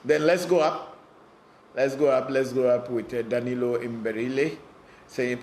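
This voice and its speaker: A man with a gravelly, mid-pitched voice hosts a live online Q&A, answering viewer questions as a spiritual teacher. He speaks bluntly and directly, often repeating words as he searches for the next thought, with a faint hiss of noise behind him. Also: moderate pace.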